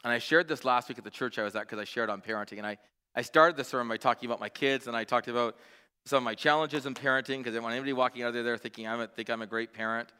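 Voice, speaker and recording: A man in his forties delivers a sermon in a church, his bright voice ringing through a long hall reverb. He talks earnestly, stumbles over fillers and restarts, and shifts between soft reflection and lively storytelling. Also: mid-range voice, very fast, clean tone. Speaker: pastor.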